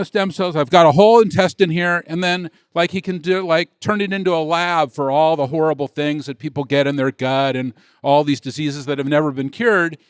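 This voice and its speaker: A middle-aged man, a tech executive, telling a rambling story on a conference stage, acting out the dialogue with excitement. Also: fairly high pitch, smooth, no echo, studio quality. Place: conference stage before an audience.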